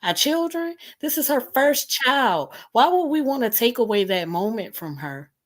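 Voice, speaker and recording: A woman's voice: a little high, sing-song, moderate pace. A woman hosting a live stream talk, pleading and repeating herself as she makes her point. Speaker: host.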